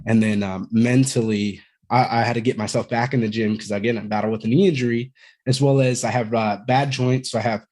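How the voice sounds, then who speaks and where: A man in his thirties, a Marine veteran guesting on a podcast, tells stories casually, candidly and at length, rambling a bit and swearing freely. His voice is medium in pitch and a little mellow, with fairly even intonation and a fairly quick pace.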